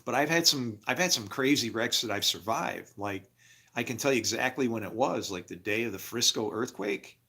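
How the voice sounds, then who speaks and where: Animated man telling a wild story. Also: normal speed, vocal fry, slightly rough. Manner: animated, acts out other people's voices in a raised pitch. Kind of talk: casual storytelling.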